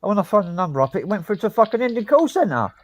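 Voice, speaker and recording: A man's voice: sits high, sing-song, fast talker, crowd noise. A man chatting casually, blunt and heated, swearing heavily as he speaks. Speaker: podcast co-host. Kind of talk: casual chat.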